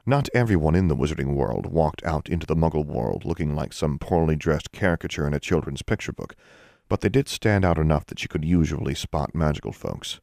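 Deep-voiced male audiobook narrator. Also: animated, fairly quick, gravelly, darkish tone, no echo, studio quality. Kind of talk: scripted narration.

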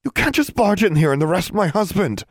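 A man's voice: sits high, sing-song, brisk, no echo, clean studio sound, voice pushed up, full character voice. A man voicing an indignant middle-aged mother who protests sharply in an audiobook.

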